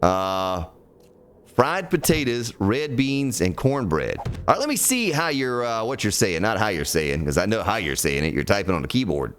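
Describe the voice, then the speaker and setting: A man's voice: lowish voice, sing-song, normal speed, fairly bright tone, faint music behind. A man chatting casually and ramblingly while streaming a building game. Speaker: gaming streamer. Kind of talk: casual let's-play commentary.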